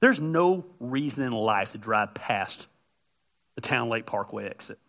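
A middle-aged male pastor giving a conversational, joking sermon that builds to loud, emphatic peaks. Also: medium pitch, expressive, measured pace, vocal fry.

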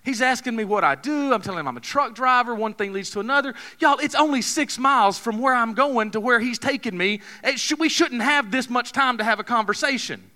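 A man's voice: very high voice, expressive, a little fast, hardly any pauses, pushed and bright. A man, preaching a sermon in a folksy, joking, conversational way, telling a story to his congregation. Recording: long hall reverb.

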